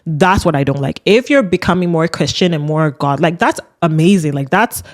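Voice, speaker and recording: A man's voice: a little high, fairly quick. A man hosting a casual solo podcast, ranting emphatically and filling his talk with "like" and "you know what I mean.". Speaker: podcast host.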